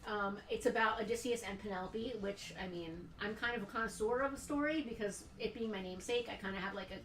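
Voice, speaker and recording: A woman's voice: mid-range voice, fast talker, fairly bright tone, a little hiss or hum. A woman co-hosting a live toy sale, bantering casually with joking asides. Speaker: co-host. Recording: echoey room, mic at a distance.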